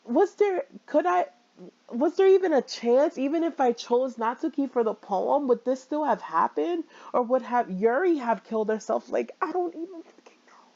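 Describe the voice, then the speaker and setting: A woman's voice: high voice, lively intonation, moderate pace, vocal fry, mellow, highs cut off. A young woman playing a horror game, reacting with panicky swearing and frequent shrieks. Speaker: let's play gamer. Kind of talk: let's play reaction commentary.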